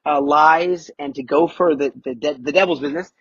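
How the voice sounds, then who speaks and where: A man's voice: on the high side, fairly even intonation, fairly quick, breathy edge, no room sound, highs cut off. A man from the United States, a podcast guest talking emphatically and repeating key words, heard over a remote call. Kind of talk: casual interview talk.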